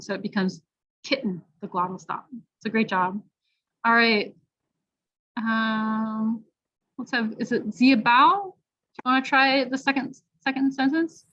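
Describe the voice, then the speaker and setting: A woman leads a pronunciation lesson, sounding out each word slowly and carefully. Her voice sits a little high. The audio is dull and lo-fi. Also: steady tone, a bit bright. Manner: slow, deliberate, models sounds carefully. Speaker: pronunciation teacher. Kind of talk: online pronunciation workshop.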